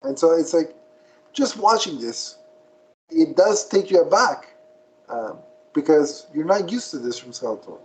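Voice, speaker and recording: A man co-hosting a podcast, retelling a cartoon in casual chat with a rambling, animated manner. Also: on the high side, unhurried, long pauses, low-quality recording. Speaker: podcast co-host.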